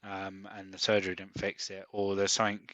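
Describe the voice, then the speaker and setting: A man co-hosting a podcast in casual chat, pausing often with ums and restarts. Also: low-pitched, monotone, fairly bright tone, no room sound, lo-fi sound. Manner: hesitant, many ums and restarts. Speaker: podcast co-host. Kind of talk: casual chat about fantasy football.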